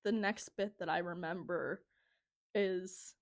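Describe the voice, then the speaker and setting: A woman's voice: lowish voice, steady tone, takes it slowly, dry recording, clean studio sound. A young woman telling a story as podcast co-host in casual chat, rambling with lots of "like" and frequent laughs. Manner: rambling, heavy use of "like", laughs often.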